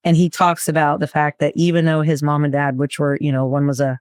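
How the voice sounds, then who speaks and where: A woman therapist co-hosting a casual podcast, an animated storyteller who acts out what her clients say. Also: deep voice, brisk, no echo, studio quality.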